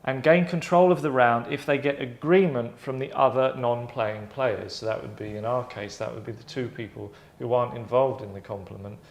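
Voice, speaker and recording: A man hosting his own show, chatting in a rambling way with asides and self-corrections. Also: mid-range voice. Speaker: host presenting his own game idea. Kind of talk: casual monologue. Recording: echoey room.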